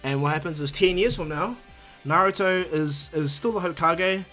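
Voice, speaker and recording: Guy rambling through an anime fan story, lots of restarts and "you know", kinda higher voice, faint music under it. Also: moderate pace, bright, forceful tone. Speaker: YouTube storyteller. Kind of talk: casual fan-story narration.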